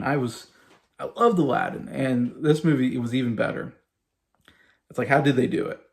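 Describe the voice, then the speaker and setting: A man's voice: medium pitch, a little fast, a little mellow. A man hosting his own video, chatting casually and rambling with lots of fillers as he gushes enthusiastically. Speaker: YouTube host ranking movies. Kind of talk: casual chat.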